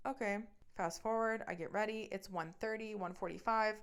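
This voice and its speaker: A young woman tells a story from her own life on her podcast, swearing freely and sounding fed up. Her voice is smooth and clear, with a mid-range pitch. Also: fairly even intonation, a little fast. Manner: profane, blunt and exasperated. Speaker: podcast host. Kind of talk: casual storytelling monologue.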